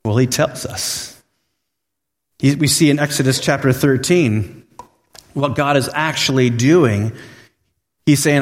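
A man preaching a sermon as pastor, telling a story in an animated way and acting out the voices he quotes. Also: mid-range voice, slow pace, pauses often. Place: church sanctuary. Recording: long reverb of a large hall.

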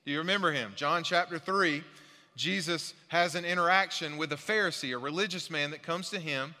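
A man's voice: a little high, a little fast, pushed and bright, in a large hall. A male pastor preaching a sermon in a church, earnest and emphatic, repeating his key points. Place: church sanctuary.

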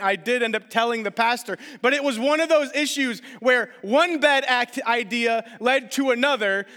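A man preaching a sermon, telling a story with lively acted-out quotes. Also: very high-pitched, in a large hall. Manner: animated storytelling, acting out quotes. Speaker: pastor.

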